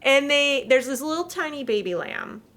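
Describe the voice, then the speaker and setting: Woman, casual podcast co-host, expressive and excitable, bright higher voice, wide swinging pitch. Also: moderate pace. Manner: animated, emotional, laughs often. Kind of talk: casual movie review chat.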